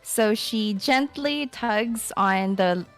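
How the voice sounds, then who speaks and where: A woman's voice: mid-range voice, very slow, faint music behind. A woman playing a tabletop game, describing her character's actions in a hesitant way. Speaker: player.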